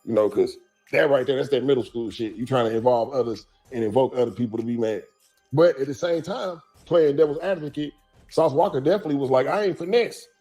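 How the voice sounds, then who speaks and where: A man's voice: mid-range voice, fairly quick, dark tone, breathy edge, soft background music. A man hosting casual commentary, rambling loosely with lots of conversational fillers. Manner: rambling, loose, lots of "bro" and "you know what I'm saying". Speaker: commentary host.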